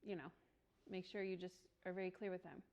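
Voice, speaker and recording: A woman leading a real estate training session for a small group, chatty and quick to laugh, often acting out little bits of dialogue. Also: on the low side, little pitch movement, darkish tone, highs cut off. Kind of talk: workshop teaching.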